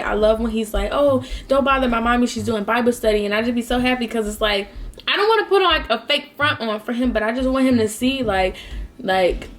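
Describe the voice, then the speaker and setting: A woman in her twenties talking casually while eating, heartfelt and rambling, with lots of fillers. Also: a little high. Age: 20s. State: close to tears at times. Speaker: vlogger. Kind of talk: casual mukbang talk.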